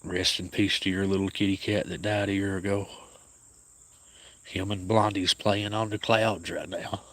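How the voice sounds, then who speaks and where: A man with an Appalachian accent, hosting a casual livestream outdoors and speaking softly to viewers by name. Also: low-pitched, little pitch movement, normal speed. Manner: soft-spoken, grieving, talks to viewers by name. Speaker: cat sanctuary livestream host.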